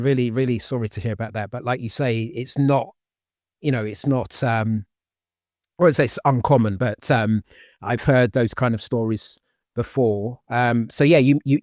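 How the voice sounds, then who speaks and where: A man hosts a podcast, asking his questions in a sympathetic, hesitant way. His pitch is mid-range and he pads his questions with "um" and "you know". The sound is dry and close to the mic. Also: a little mellow, dry recording. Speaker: podcast host. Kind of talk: interview questions.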